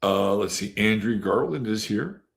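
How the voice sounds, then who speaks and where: A male host chats loosely with his live viewers, wandering from one comment to the next. His voice is low and full of gravelly fry. He talks at an unhurried, drawn-out pace. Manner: rambling and chatty, with many fillers and sudden jumps in loudness. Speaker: astrology show host. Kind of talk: casual live-stream chat, greeting viewers.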